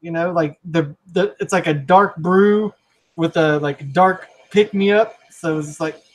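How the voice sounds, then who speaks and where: Male co-host, enthusiastic and rambling, fairly high-pitched casual talker. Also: measured pace, low-quality recording. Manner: rambling and enthusiastic, lots of fillers and restarts. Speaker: podcast co-host. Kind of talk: casual chat.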